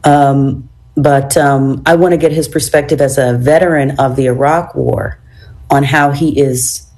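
Hosting a radio talk show with a cold, this low-voiced woman sounds froggy, raspy and hoarse. She speaks in a measured, fairly even way, dark and mellow in tone, dropping ums and uhs into her pauses.

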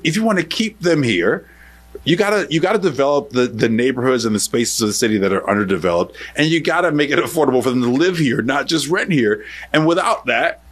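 A man's voice: fairly high pitch, animated, fairly quick, a bit bright. A man hosting an interview, making his case in emphatic lists. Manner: emphatic, building arguments in lists. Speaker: interview host. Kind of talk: radio interview.

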